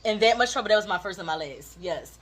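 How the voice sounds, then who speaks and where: A woman, telling a childhood story in casual chat with her husband, animated and laughing often. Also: mid-range voice, fast talker, breathy edge. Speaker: co-host of a couples channel.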